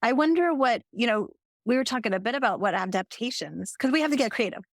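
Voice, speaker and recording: A woman's voice: a little high, lively intonation, quick pace, no echo, clean studio sound. A woman speaking as a podcast guest, thoughtful and empathetic, reflecting aloud in a conversational way. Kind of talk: reflective conversational interview talk.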